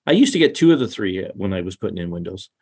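Low-voiced man in casual Bible chat. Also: sing-song, fast talker, darkish tone, slightly rough. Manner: conversational, rambling with restarts and asides. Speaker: Bible study co-host.

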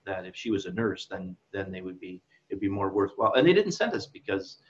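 A man's voice: low-pitched, sing-song, brisk. Middle-aged man co-hosting a Bible chat. He rambles and chuckles at himself. The audio is a bit dull. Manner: rambling, laughs at his own asides. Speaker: co-host of Bible discussion. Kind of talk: casual Bible study chat.

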